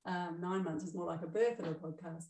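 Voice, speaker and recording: A woman's voice: on the low side, fairly even intonation, fairly quick, mellow, far from the mic. Upbeat woman in an echoey room. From Australia. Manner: chatty and upbeat, with fillers and self-corrections. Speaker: podcast host, emotional balance coach. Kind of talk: solo podcast monologue.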